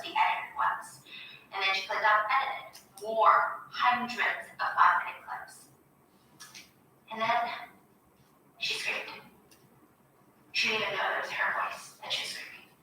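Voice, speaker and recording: A woman streaming from home, casually recapping a movie plot with animated swearing and "okay?" asides. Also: a little high, moderate pace, far from the mic, soft background music. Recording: roomy echo, voice from afar.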